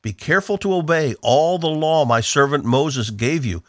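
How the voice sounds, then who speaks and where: A man's voice: a little high, animated, moderate pace, a bit bright, dry recording, studio quality. A man from the northeastern United States giving an earnest, emphatic devotional Bible teaching on the radio.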